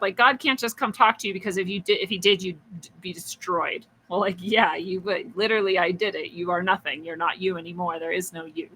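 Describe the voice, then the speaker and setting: A woman's voice: mid-range voice, pushed and bright, poor audio. A woman hosting a podcast, musing through a spiritual story in a chatty way, with frequent laughs and restarts. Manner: acts out quoted voices. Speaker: podcast host.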